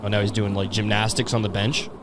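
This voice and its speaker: A man's voice: on the low side, flat delivery, a little fast, noisy background. A man hosting a podcast, riffing on a video in rambling, profane, sardonic casual commentary. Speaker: podcast host.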